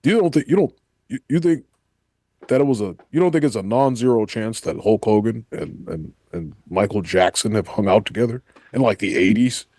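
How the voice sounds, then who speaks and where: A man doing an impression of a rambling, boastful older male pro-wrestling star on a podcast, in a gravelly drawl. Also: on the low side, moderate pace, darkish tone, no room sound, natural voice. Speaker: podcast co-host.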